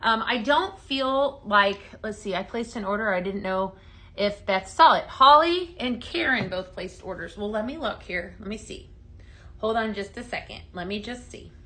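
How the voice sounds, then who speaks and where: A woman's voice: mid-range voice, normal speed, pushed and bright, poor audio. A woman hosting a live home fragrance show on a studio set, chatting in an upbeat way while she demos products and reads out viewer comments. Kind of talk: live on-air product demo chat. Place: studio set under hot lights.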